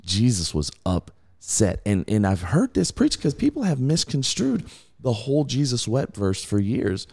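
A man hosting a podcast, casually teaching from the Bible in an animated way, laughing and mimicking voices. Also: mid-range voice, moderate pace, creaky, husky.

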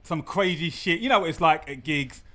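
An animated man hosting a podcast, cursing freely and firing off questions. His voice runs a bit higher than most men's. The tone is loose, everyday chat. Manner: animated and sweary, with quick questions.

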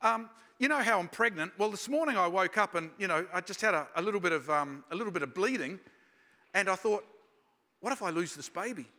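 A man voicing a worried pregnant young woman, speaking in halting, breathless phrases. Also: sits high, lively intonation, sharp tone, long reverb tail, exaggerated voice. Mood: anxious. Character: anxious pregnant young woman asking questions.

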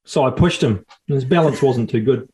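A man's voice: medium pitch, a little mellow, slight background noise. A man, co-hosting a podcast in playful casual chat. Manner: playful, laughs often. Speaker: podcast co-host.

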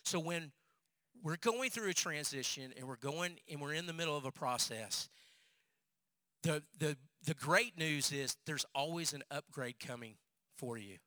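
A male pastor preaching a sermon as an animated storyteller who repeats phrases for emphasis. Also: a little high, measured pace, no room sound.

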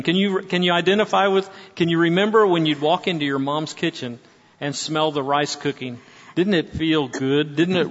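A man in his sixties speaking to an audience, telling stories with frequent restarts. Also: a little high. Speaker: speaker at a church gathering. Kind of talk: preaching-style talk to an audience. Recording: dull sound with long hall reverb.

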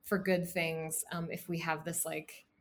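A woman's voice: sits low, little pitch movement, unhurried, a little hiss or hum. A young woman from the United States in a casual conversation about the news, chatty and worried, with many fillers. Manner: talkative, filler-heavy, concerned.

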